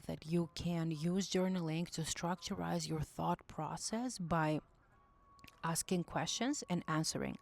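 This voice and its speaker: Low-voiced woman giving earnest spiritual advice. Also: a little mellow. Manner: earnest, searching for words, often restarts and rephrases. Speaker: intuitive message reader. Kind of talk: casual spiritual advice monologue.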